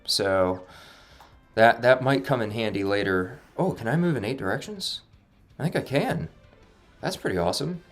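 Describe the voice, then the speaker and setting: A man casually commentating his own playthrough of a video game, relaxed and somewhat monotone. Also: mid-range voice, normal speed. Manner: relaxed, laid-back, self-described monotone. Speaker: gaming channel host. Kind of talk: casual let's-play commentary. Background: faint game music.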